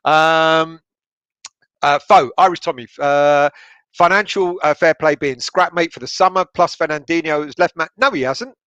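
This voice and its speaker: A man's voice: on the high side, normal speed, pushed and bright, clean tone, no echo, lo-fi sound. A man hosting a football livestream, reading out viewer comments with sweary banter and frequent laughter. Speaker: football channel livestream host.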